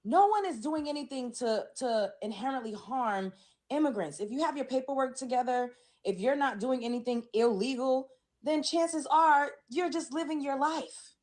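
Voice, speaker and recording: A woman's voice: sits high, lively intonation, normal speed, darkish tone. A woman giving emphatic, indignant commentary with rising emotion. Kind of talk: impassioned commentary clip.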